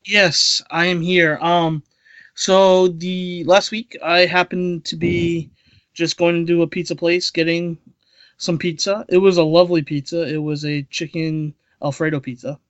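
A man's voice: on the high side, level tone, a little slow, fairly bright tone, no echo, lo-fi sound. A man who is a podcast regular, telling a casual anecdote with a self-deprecating edge.

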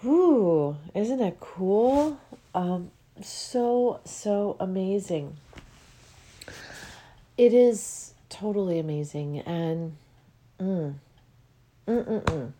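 A woman talks slowly and gently to her listeners, like a spiritual teacher sharing what she feels. Her voice is mellow and dark in tone, and her talk wanders through many fillers and soft, moved asides. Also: mid-range voice, expressive. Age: adult with a child. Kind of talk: heartfelt solo talk to listeners.

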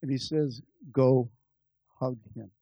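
A pastor telling a personal story in a sermon, moving between quiet, confiding asides and loud, lively peaks. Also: male voice, mid-range voice, slow pace, no echo, muffled recording. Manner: animated, swings from soft asides to loud climaxes.

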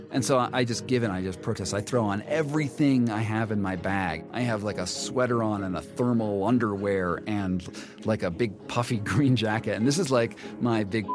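Man, casual storytelling, acts out quotes, music bed. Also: fairly low pitch. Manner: animated, acts out quotes in a raised voice. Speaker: interviewee recounting a climb.

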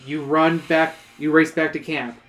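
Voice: mid-range voice, flat delivery, measured pace, over loud music. A host reading a choose-your-own-adventure book aloud to friends, adding playful jokes and laughing along the way. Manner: playful, joking asides, laughs while reading. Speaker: reader and host.

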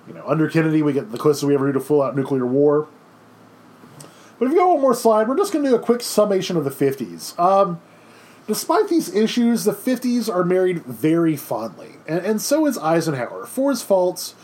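Young male history teacher, casual lecture, chatty and informal, voice on the higher side. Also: a little mellow. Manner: chatty, informal, with many fillers and quoted asides.

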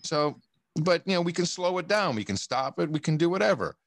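A man from the United States, a podcast guest talking in a rambling, profane, animated way with many restarts. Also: fairly high pitch, fairly quick, no echo. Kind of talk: casual podcast conversation.

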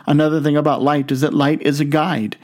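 A man preaching a sermon, reading scripture in a measured, deliberate way. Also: fairly high pitch, level tone. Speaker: pastor.

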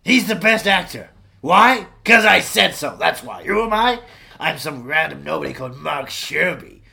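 A man puts on a bragging movie-star blowhard with a gravelly, bright and fairly high voice that leaps around in pitch. He rambles in mock-macho boasts and shouts, like an improvised comedy sketch. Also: animated, moderate pace, full character voice. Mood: boastful. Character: man doing a brash, gravelly celebrity actor impression.

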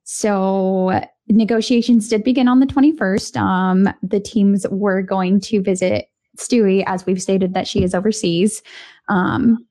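Mellow-voiced woman co-hosting sports talk. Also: mid-range voice, fairly even intonation, unhurried. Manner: chatty, laughs often. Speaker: co-host. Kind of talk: casual sports talk show.

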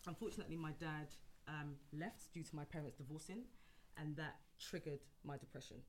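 A woman's voice: sits low, steady tone, fairly quick, a little hiss or hum. A woman from a Ghanaian family who works as a dance practitioner, telling her personal story openly in a group conversation. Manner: open and frank, breaks into light laughter. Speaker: holistic dance practitioner, guest. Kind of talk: candid personal storytelling in a panel chat.

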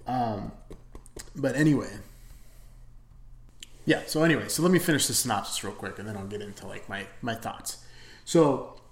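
A man's voice: fairly low pitch, normal speed, pauses often, echoey room. Rambling, profane man reviewing a movie. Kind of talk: casual movie review rant.

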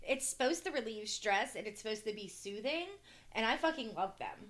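A woman co-hosting a podcast in a relaxed, casual chat. Her voice is bright and clear. She backs up her friend in a blunt, supportive way. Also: fairly high pitch, fairly quick. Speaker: podcast co-host.

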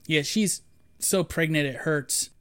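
A woman with a notably low voice, talking in an easy, casual way. She lays out events in a plain, matter-of-fact manner, one step after another. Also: takes it slowly, a bit bright. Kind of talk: casual chat recapping a film.

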